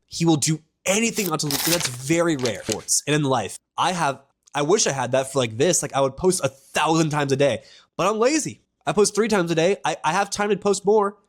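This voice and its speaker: A young man vlogging about football in a rambling, excitable way, with crude jokes and frequent restarts. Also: on the high side. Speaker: sports vlogger. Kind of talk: casual sports rant to camera.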